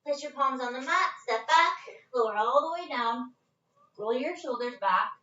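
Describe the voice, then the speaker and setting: A woman's voice: high voice, animated, moderate pace, pushed and bright, reverberant, far from the mic, dull audio. A woman leading a live-streamed yoga class from her living room, casual and chatty, a little out of breath. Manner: casual, chatty, breaks into laughs. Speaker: yoga instructor. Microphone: phone set at a distance.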